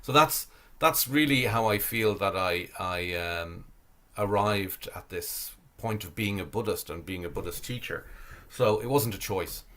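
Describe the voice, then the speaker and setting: A middle-aged Zen priest from Ireland speaking reflectively over a video call, with many fillers and restarts. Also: male voice, on the low side, expressive, unhurried, bright, forceful tone.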